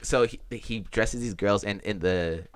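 A man's voice: on the low side, unhurried, clear, resonant tone, no echo. A young man telling a rambling story in casual podcast chat, acting out the people he quotes.

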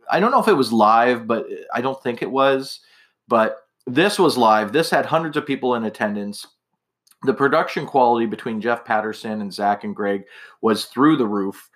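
A man's voice: medium pitch, a bit bright. A man hosting a casual solo podcast, chatting in a rambling way with many fillers and restarts, a little tipsy and slightly slurring. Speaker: podcast host.

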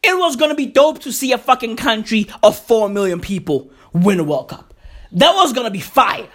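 A woman's voice: on the high side, sing-song, normal speed. A woman delivering a profane comic rant, emphatic and repetitive, swearing heavily and calling the listener "bro".

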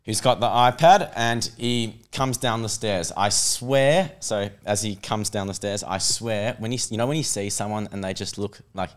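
A young Australian man telling a story on a podcast, animated and laughing as he goes. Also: lowish voice, normal speed, hardly any pauses. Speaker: podcast guest. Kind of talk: casual storytelling.

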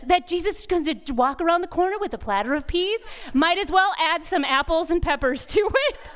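A woman in her thirties speaking at a retreat, telling a lively story as a sermon and acting out voices in the quotes. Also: extremely high pitch, a little fast, few pauses.

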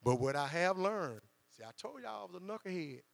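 A man's voice: sits high, animated, a little fast, creaky. A man preaching a sermon, acting out quoted voices as he goes. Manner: conversational preaching with dramatized quotes. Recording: long hall reverb with mains hum.

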